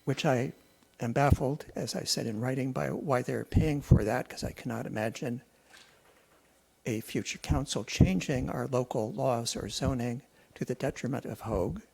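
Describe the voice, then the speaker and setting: Male public commenter, precise and questioning, gravelly husky voice. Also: mid-range voice, normal speed, darkish tone, poor audio. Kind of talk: public comment at council meeting.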